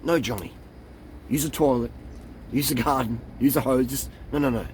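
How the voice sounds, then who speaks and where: Man, blunt, swearing, rambling vlog monologue, mid-pitched voice, faint traffic noise behind. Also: normal speed, a little mellow. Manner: jumps into mocking impressions of others. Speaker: cycling coach and vlogger. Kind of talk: casual monologue to camera.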